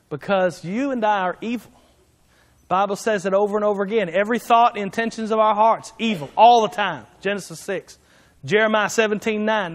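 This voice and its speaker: A man's voice: sits high, normal speed, big-room sound. A man preaching a sermon in a folksy, emphatic way, driving his points home by repeating them. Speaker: pastor.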